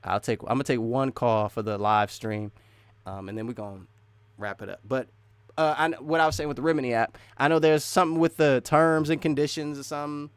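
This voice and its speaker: A man's voice: medium pitch, a little fast, clean tone, no echo. A man hosting a casual live stream, rambling and restarting sentences as he chats with viewers. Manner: rambling, restarts often, laughs between thoughts.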